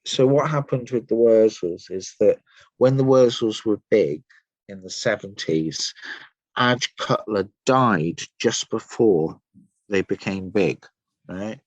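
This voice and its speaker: Speaking slowly in a fairly low voice, this Somerset-born Englishman is a musician guest on a casual podcast, spinning enthusiastic, meandering stories full of fillers. The audio has no room sound and the highs are cut off.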